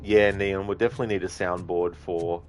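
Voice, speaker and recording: A man with a very deep voice talks easily to his viewers while he plays through a game, letting his sentences wander and filling the gaps with ums. Faint game music sits quietly beneath his talk. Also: brisk. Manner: relaxed, rambling with frequent ums. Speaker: game streamer. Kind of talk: casual live-stream chat with viewers. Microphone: streaming microphone at the console.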